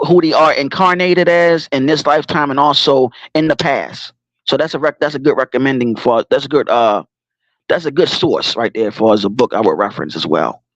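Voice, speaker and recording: Man streaming live, high voice, very lively swings, rambling slangy talk, dry close sound. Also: no echo, dull audio. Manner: animated, laughing, keeps stopping himself to regroup; rambling, slangy, swears freely. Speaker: livestream host. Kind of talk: casual livestream talk.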